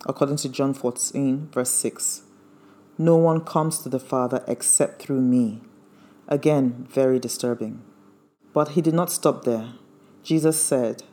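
A man's voice: medium pitch, dark tone. A man preaching a sermon, earnest and emphatic, quoting scripture verse by verse.

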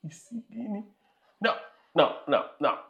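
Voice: mid-range voice, expressive, a little slow, creaky, highs cut off. A preacher with a Nigerian accent delivering an emphatic sermon and repeating phrases for emphasis.

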